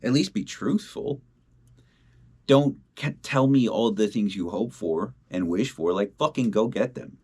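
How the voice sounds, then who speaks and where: Young guy w a low voice, cussing nonstop, drawling slow. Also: a little mellow, slightly rough. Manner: blunt and heavily profane. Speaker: independent musician. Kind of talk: casual video diary. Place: at home.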